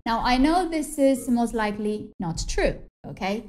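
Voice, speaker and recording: A woman with a Spanish accent, a native Spanish speaker teaching English in a relaxed chat, laughing often and correcting herself. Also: a little high, a little slow. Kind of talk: casual conversational lesson.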